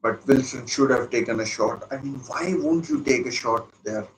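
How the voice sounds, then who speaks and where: A man commentating live as a fan while watching a football match, muttering asides and breaking into excited outbursts. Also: medium pitch, normal speed, slight background noise, low-quality recording.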